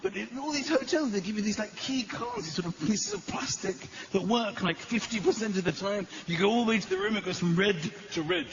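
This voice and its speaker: A man doing stand-up comedy on a theater stage, telling self-mocking stories in an animated way. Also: high voice, fairly quick, hardly any pauses. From England. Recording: echoey live theater, dull, noisy.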